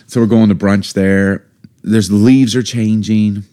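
A man's voice: fairly low pitch, steady tone, a little slow, dark tone. A middle-aged man, co-hosting a podcast in casual, playful chat and teasing his wife. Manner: playful, teasing, laughs often. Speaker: podcast co-host.

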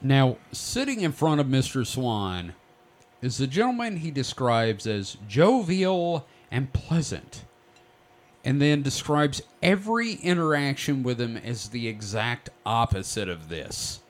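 A man hosts a casual podcast chat, walking his friends through a story. His delivery is joking and animated, and his pitch rises and falls widely as he talks. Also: measured pace. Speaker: podcast host telling the story.

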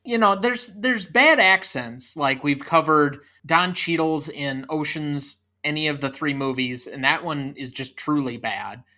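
A man's voice: a little high, unhurried, few pauses, pushed and bright. A man in his thirties co-hosting a casual movie podcast, chatty and leading the talk with trivia. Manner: chatty, leads the discussion with trivia. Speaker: podcast co-host.

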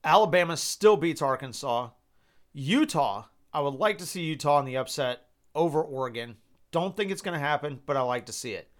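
A young podcast host with a fairly high, animated voice talks fairly quickly. He rambles through casual football picks in a monologue, sounding exasperated and swearing casually.

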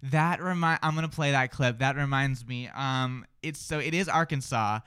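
A man's voice: medium pitch, moderate pace, fairly bright tone, smooth. A man hosting a casual morning radio show, teasing his co-hosts in an exasperated, bossy way.

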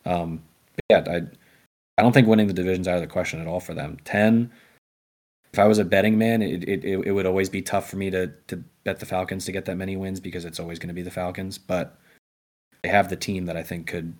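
A man's voice: low-pitched, steady tone, fast talker, darkish tone. A young man co-hosting a podcast, chatting casually about football with many restarts and fillers. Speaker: podcast co-host. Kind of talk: casual sports chat.

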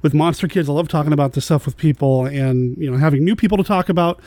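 A man's voice: fairly high pitch, fast talker, a little mellow, no echo. A man hosting a podcast, talking in a friendly, upbeat way. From United States. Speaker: podcast host. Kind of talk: casual chat.

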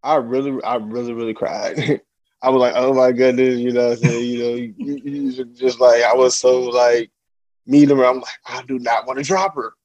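Animated young father telling stories. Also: mid-range voice, moderate pace, no room sound, highs cut off. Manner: animated storyteller who acts out quotes in a raised voice; loose, laid-back, laughs often. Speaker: podcast guest, young father. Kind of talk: casual interview chat.

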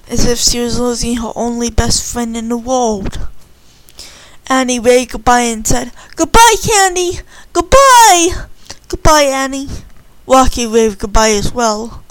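A woman's voice: fairly high pitch, flat delivery, a little slow, dry recording, rough recording. A woman casually retelling a story in simple, earnest words.

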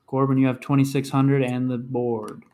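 A man's voice: medium pitch, little pitch movement, normal speed, mellow. A man hosting a casual podcast trivia game, reading clues and announcing scores.

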